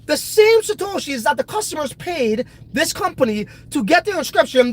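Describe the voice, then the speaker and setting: A man's voice: very high voice, sing-song, moderate pace, hardly any pauses, fairly bright tone, rough recording. A congested man hosting a casual crypto video, talking in a brash, profane, hyped way. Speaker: crypto project host.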